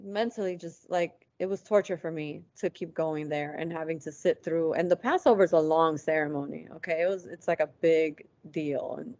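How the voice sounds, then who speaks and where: A woman's voice: deep voice, moderate pace, few pauses, darkish tone, no echo. A woman guest on an interview show, telling a personal story casually, acting out past conversations and using lots of "like" fillers. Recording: dull lo-fi, dry sound.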